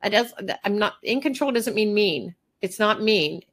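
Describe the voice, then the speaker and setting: A middle-aged master groomer woman giving a workshop talk, animated, repeating phrases and acting out little dialogues. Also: medium pitch, moderate pace.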